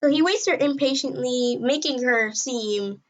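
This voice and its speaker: Excitable, rambling woman storyteller. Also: unhurried. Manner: excitable and rambling, with sudden jumps in pitch and loudness. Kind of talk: casual storytime narration.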